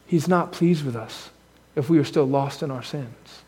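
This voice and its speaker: A male pastor preaching a sermon in a church. He speaks earnestly and conversationally with humorous asides, swinging between loud urging and soft, hushed lines. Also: medium pitch, normal speed, slightly rough, in a large hall. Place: church sanctuary.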